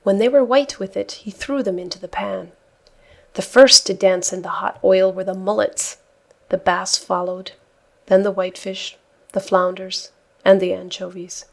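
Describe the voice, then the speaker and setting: A woman reading a children's audiobook in a soft, hushed storytelling manner. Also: medium pitch, steady tone, moderate pace, creaky. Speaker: audiobook reader. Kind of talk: scripted narration.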